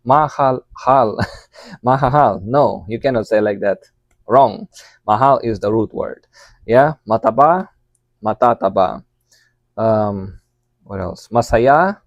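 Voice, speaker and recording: A man's voice: mid-range voice, a little mellow, dry recording, highs cut off. A man recapping his language lesson in a casual way, thinking aloud with fillers and correcting his own pronunciation as he goes. He is a learner of Tagalog, not a native speaker.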